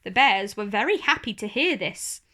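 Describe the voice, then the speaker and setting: A woman reading a children's storybook aloud in a slow, expressive manner. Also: medium pitch.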